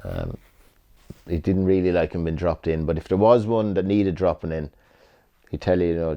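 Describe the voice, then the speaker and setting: A man's voice: deep voice, expressive, normal speed, vocal fry, mellow, highs cut off. A middle-aged Irish man, a retired jockey, rambling through memories in a casual interview, repeating himself and swearing freely. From Ireland.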